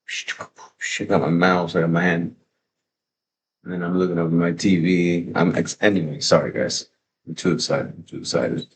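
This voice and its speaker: A man hosting a livestream, talking in a casual, excitable, rambling way with plenty of swearing, into a desk mic at his home setup. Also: deep voice, moderate pace, pauses often, a little hiss or hum. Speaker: livestream host. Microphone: desk microphone.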